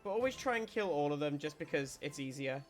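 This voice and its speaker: A man's voice: a little high, expressive, brisk, faint music behind. A man streaming a video game, giving casual commentary as he explains tactics, often restarting his sentences.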